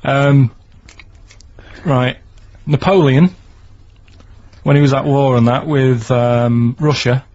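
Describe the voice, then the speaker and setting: A man telling a story on a radio show in a deadpan, matter-of-fact way. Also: mid-range voice, slow, pauses often. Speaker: radio producer. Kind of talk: casual radio banter. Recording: dull lo-fi radio broadcast.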